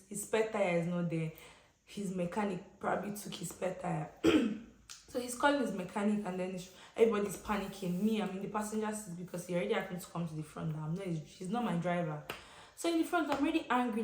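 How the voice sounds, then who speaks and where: A young Nigerian woman vlogger telling a casual storytime, chatty and expressive, with slang and pidgin asides. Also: fairly low pitch. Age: young adult. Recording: roomy echoey room.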